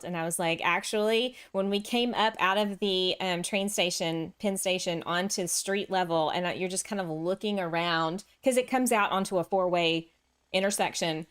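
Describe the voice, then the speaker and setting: A woman hosting a casual game livestream speaks with a Texan accent, chatting with viewers and laughing often while playing. Her fairly low voice moves at a moderate pace, with a fairly bright, clear, resonant tone.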